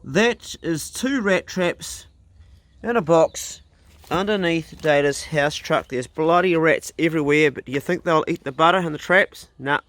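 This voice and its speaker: A man's voice: a little slow, no room sound. A middle-aged man with a New Zealand accent, chatting casually to camera outdoors on a rural property. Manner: laid-back and chatty, with a higher, louder voice when talking to his dogs. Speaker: vlogger. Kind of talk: casual vlog talk to camera. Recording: guitar music playing under the voice.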